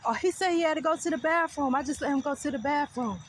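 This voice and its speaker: A woman's voice: high voice, fast, pitched above the performer's own voice, lightly acted. A woman quoting a hungover sister, offhand and dismissive, noisy recording. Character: hungover careless adult sister.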